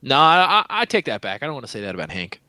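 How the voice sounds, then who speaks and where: Playful man with a lively voice. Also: mid-range voice, quick pace, no room sound. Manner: playful, chuckling commentary. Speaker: podcast co-host. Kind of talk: casual book discussion.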